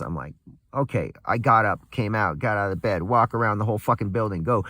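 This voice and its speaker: A man's voice: fairly low pitch, a little fast, sharp tone, dry recording. A young man in a casual, angry, profane rant, laughing bitterly and swinging between muttering and a raised voice.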